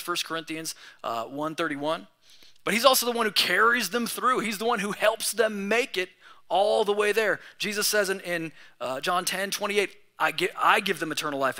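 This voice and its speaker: Bright-voiced, casual young man preaching. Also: high voice. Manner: casual, conversational preaching with slang. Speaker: pastor. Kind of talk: sermon.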